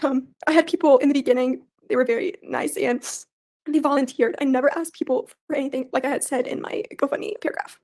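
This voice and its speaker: A young woman testifying in court, speaking haltingly with many fillers. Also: high-pitched, fairly even intonation, a little mellow. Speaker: trial witness.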